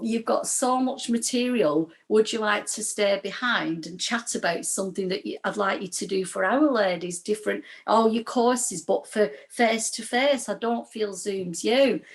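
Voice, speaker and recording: A woman with an English accent, earnestly sharing a personal story on a video call in a study group. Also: mid-range voice. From England.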